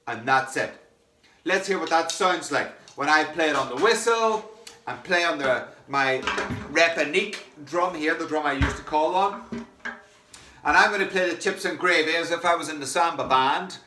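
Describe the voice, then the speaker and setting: A man's voice: fairly high pitch, normal speed, pushed and bright, slight background noise. Guy teaching samba drums, sounds echoey and a bit far from the mic, faint drumming in the back. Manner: chants rhythm phrases aloud, talks with many fillers and restarts. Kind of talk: online music lesson. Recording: echoey room, mic some distance away.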